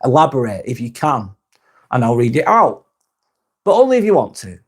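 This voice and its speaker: A British man hosting a live stream, chatting with viewers in a calm, relaxed, easygoing way. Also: mid-range voice, normal speed, breathy edge. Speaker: live-stream host reading viewer comments. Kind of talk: casual live-stream chat.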